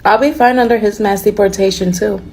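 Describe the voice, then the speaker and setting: A woman's voice: mid-range voice, fairly even intonation, a little fast, a little mellow, breathy edge. A woman gloating sarcastically in a reaction video. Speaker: social media commentator.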